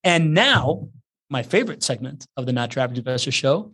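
A man's voice: medium pitch, expressive, brisk, sharp tone, slightly rough. A man hosting a live podcast, talking energetically and laughing as he rambles. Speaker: podcast host.

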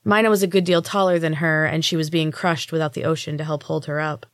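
A woman narrating a story in the first person, in an even, measured reading as a podcast host. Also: low voice, no room sound, studio quality.

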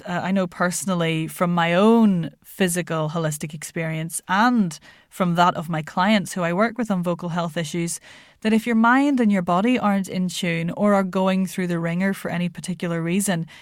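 A woman who is a voice actor and accent coach, chatting as a podcast guest in an animated way, laughing often and using many fillers. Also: on the low side, no room sound, studio quality. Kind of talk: casual interview chat.

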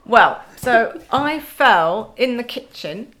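A woman's voice: fairly high pitch, animated, takes it slowly, a bit bright, a little hiss or hum. A woman in her forties chatting as a podcast guest, wry and self-mocking, often laughing as she talks. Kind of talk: casual chat.

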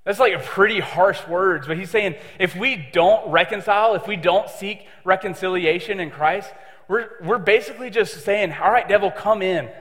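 A man's voice: sits high, normal speed, a bit bright. A young man preaching a casual sermon, joking and chatty with many fillers. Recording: long reverb of a hall.

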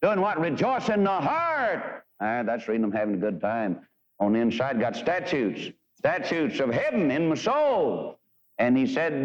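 A man's voice: medium pitch, sing-song, normal speed. A man preaching a fervent revival sermon in a church, swinging between quoted scripture and blunt, emphatic talk. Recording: dull lo-fi archival sermon recording.

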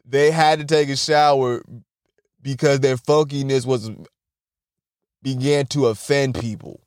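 An unhurried young man with a clean, mid-range voice and fairly even intonation tells funny stories on a podcast, recorded dry in a clean studio. The monologue is casual and rambling, full of swearing, laughter at his own jokes, and impressions of other people's voices.

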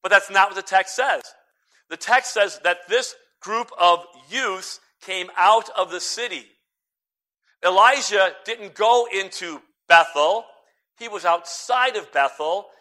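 Bright, high-voiced male preacher. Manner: lively preaching, swings between loud and hushed, quips. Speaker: pastor. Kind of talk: sermon.

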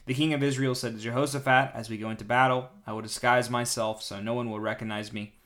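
A man's voice: medium pitch, fast talker, hardly any pauses. Man reading Bible with playful asides. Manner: reads with lively voices for quoted speakers and joking asides. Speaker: podcast host reading scripture.

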